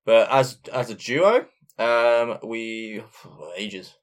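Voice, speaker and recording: A man's voice: medium pitch, extremely slow. A man co-hosting a music podcast and DJing, joking and chatting enthusiastically. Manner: jokey, enthusiastic, slangy. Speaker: podcast co-host and DJ. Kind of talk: casual chat between tracks.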